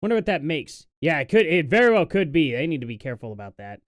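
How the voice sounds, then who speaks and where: A man's voice: a little high, big pitch swings, fast talker, dry recording. Sardonic male streamer, dry close sound. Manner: sardonic, mocking asides with frequent fillers. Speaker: live stream host reacting to videos. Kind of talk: casual reaction commentary.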